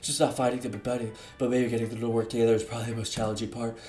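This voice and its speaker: Yuri, a hushed shy girl played by a man. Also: flat delivery, very fast, reverberant, lightly acted. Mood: earnest.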